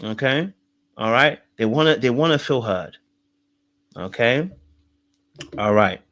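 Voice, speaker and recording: A man's voice: mid-range voice, expressive, slow pace, a bit bright. A man coaching viewers on relationships in a live-stream talk, emphatic and repetitive, often checking in with the audience. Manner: emphatic, repeats points, checks in with "okay? all right?".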